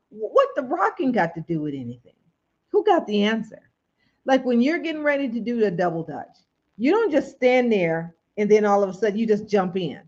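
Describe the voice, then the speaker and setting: A woman's voice: medium pitch, a little mellow. A woman hosting a late-night livestream, talking to viewers in a preachy, questioning way. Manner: preachy, asks the audience questions, greets viewers. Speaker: livestream host. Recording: dull lo-fi stream audio.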